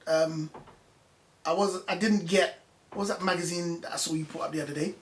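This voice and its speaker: A man's voice: on the high side, steady tone, brisk, reverberant. A man, a former music journalist, talking as a guest in a casual conversation, telling his story with passion and animation.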